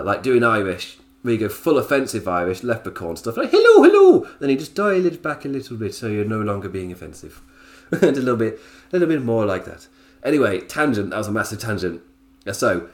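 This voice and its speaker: Guy doing a solo podcast review, bouncy lively voice, chatty, laughs a lot, goes off on tangents. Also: medium pitch. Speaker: podcast host reviewing wrestling.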